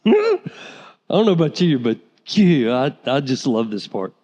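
A man preaching a sermon as pastor, animated, sometimes acting out the voices of people in the story. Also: medium pitch, unhurried, slightly rough, muffled recording. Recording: reverberant hall.

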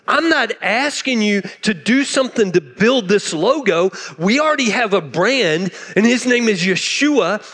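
Male pastor, sermon, fired up, drops to hushed asides; high-pitched, reverberant church hall. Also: lively intonation, moderate pace, hardly any pauses. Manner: impassioned, swings from loud to hushed. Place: church sanctuary.

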